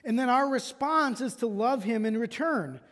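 A man's voice: very high voice, lively intonation, moderate pace, fairly bright tone. A man preaching a sermon as pastor, emphatic and driving home his points with repeated rhetorical questions. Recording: long reverb of a large hall.

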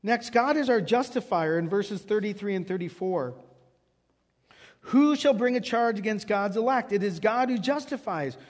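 A man's voice: high-pitched, normal speed. A man preaching a sermon, telling a story with acted-out dialogue before moving into scripture. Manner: animated storyteller acting out dialogue. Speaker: pastor. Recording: long hall reverb.

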